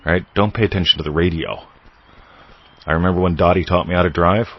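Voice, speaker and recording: Low husky man hosting a podcast. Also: a little fast, dull audio. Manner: playful, riffing, wordplay and asides. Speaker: podcast host. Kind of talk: casual spiritual teaching monologue.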